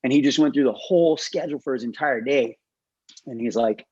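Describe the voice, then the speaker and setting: A man's voice: mid-range voice, normal speed, gravelly, a little mellow, slightly rough, no room sound. A man, a martial arts teacher, reflecting thoughtfully on training in a casual group conversation. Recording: dull, muffled lo-fi mic.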